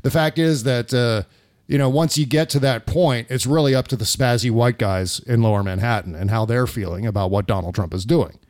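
A man's voice: medium pitch, fairly quick, a little mellow. A man hosting a podcast, giving heated, profane political commentary in a casual tone, often breaking off and restarting his sentences. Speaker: podcast host.

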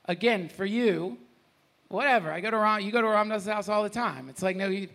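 A man telling an emotional personal story on stage at a retreat, animated, laughing, his voice sometimes breaking. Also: sits high, fairly quick, creaky. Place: retreat gathering with an audience.

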